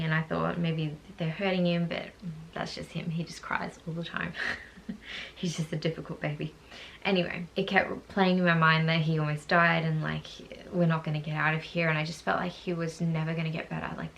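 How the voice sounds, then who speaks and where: A woman's voice: on the low side, creaky. A woman, candidly recounting her hospital stay in a rambling, casual way. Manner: candid, rambling, lots of "like" asides. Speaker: vlogger telling her birth story. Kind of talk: casual personal storytelling.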